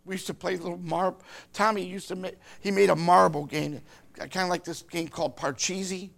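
Older man with a gravelly, high voice. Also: steady tone, fairly bright tone. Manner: rambling, halting speech with frequent restarts. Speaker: grandfather. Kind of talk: personal storytelling.

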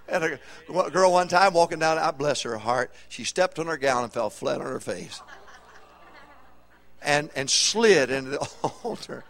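This middle-aged pastor preaches at normal speed in a church auditorium, his high voice ranging widely in pitch. Energetic and humorous, he keeps lobbing questions to his congregation in a call-and-response style.

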